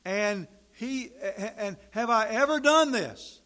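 A man's voice: sits high, lively intonation, slow, pushed and bright, voice pushed up, heavily acted. A man voicing a talking she-donkey who argues with her master through indignant, reasoning questions.

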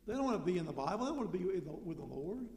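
A man preaching a sermon in a conversational way, asking rhetorical questions and suddenly getting loud for emphasis. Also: high voice, very animated, rapid-fire. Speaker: pastor. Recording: echoey hall with long reverb.

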